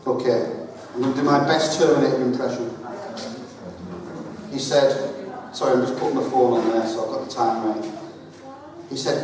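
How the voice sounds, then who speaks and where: Male preacher, slightly high voice, jokey and emphatic, heard from far off in an echoey church hall. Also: a little hiss or hum. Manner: chatty, joking, emphatic. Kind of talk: sermon.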